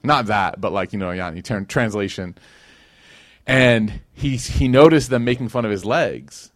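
A man's voice: lowish voice, a little slow, no echo, clean studio sound. A man from Chicago teaching a conversational sermon, telling stories with slang and acted-out quotes. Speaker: Islamic teacher. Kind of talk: casual sermon.

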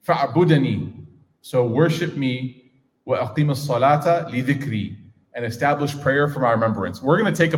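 A man teaching a class on scripture, casual and engaging, asking his audience questions. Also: a little high. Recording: reverberant hall.

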